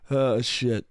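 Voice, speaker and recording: A young man talks alone into a close mic, hosting his own podcast in a loose, rambling way. His voice sits a little high for a man and the sound is dry, with no room around it. He swears freely and laughs at his own jokes. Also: fairly bright tone, no echo. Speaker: podcast host. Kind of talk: solo podcast monologue.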